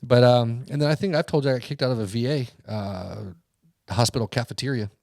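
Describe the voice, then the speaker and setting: A man's voice: mid-range voice, a little fast, a little mellow, no room sound, studio quality. A man co-hosting a podcast, ranting heatedly and swearing constantly as he acts out what people said. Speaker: podcast co-host. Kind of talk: casual profane podcast rant.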